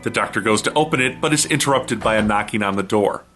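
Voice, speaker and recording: A man hosting a comedy review show, giving a snarky, deadpan recap narration. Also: lowish voice, fast talker, soft background music.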